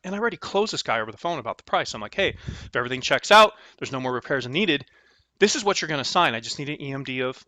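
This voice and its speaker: A man hosting a real estate investing channel, telling a story in a casual, animated way and acting out both sides of his conversations. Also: mid-range voice, no room sound.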